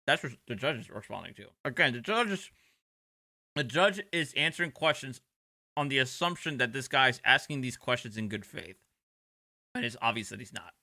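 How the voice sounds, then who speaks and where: A man's voice: medium pitch, expressive, moderate pace, pushed and bright, dry recording, studio quality. A man streaming reaction commentary over court footage, sarcastic and profane, talking back at the clip. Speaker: livestream commentator.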